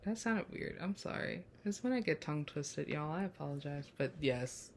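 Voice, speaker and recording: A woman hosting a casual TV episode review, talking in an animated, expressive way and laughing easily. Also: deep voice, normal speed, a little hiss or hum. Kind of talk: casual chat.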